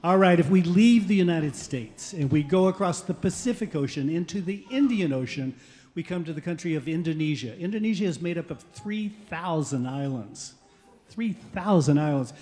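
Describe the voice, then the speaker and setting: A man's voice: a little high, normal speed, in a large hall. A man teaching a rhythmic vocal chant to a live audience at a café concert, energetically coaxing everyone to join in. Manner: energetic, coaxes the crowd to join in. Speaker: guest music teacher at a kids' concert.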